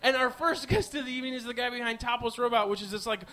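Bright high-voiced profane comedic podcast host. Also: male voice, fast. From American Midwest. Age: 20s. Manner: rambling, profane and self-mocking, swinging from mumbles to yelps. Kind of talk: comedic monologue.

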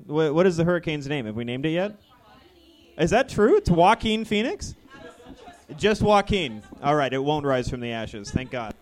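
A man doing a live stand-up set of awkward, deadpan one-liners in a ballroom venue. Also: on the high side, moderate pace, faint music behind. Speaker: stand-up comedian.

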